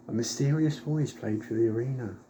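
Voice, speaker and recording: A man's voice: medium pitch, a little hiss or hum. A man casually reviewing an old wrestling broadcast, rambling with lots of ums and acting out quoted lines. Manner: chatty, rambling with frequent ums; animated, acts out quoted lines.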